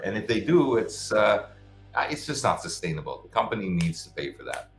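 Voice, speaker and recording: Man, deep low voice, live show host, casual frank advice, echoey room. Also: big pitch swings, fairly quick. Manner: casual, frank advice-giving with many restarts. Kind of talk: live-stream Q&A, answering viewer questions. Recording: roomy echo with faint music behind.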